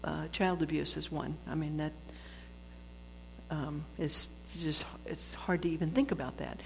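A woman giving a reflective spiritual talk, conversational and quick to laugh, with frequent restarts. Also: low voice, fairly even intonation, gravelly. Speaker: speaker sharing a book's lessons on forgiveness. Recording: long hall reverb with faint noise.

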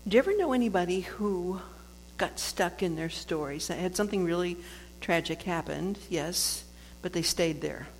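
A woman giving a reflective spiritual talk, conversational and quick to laugh, with frequent restarts. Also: fairly low pitch, animated. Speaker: speaker sharing a book's lessons on forgiveness. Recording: long hall reverb with faint noise.

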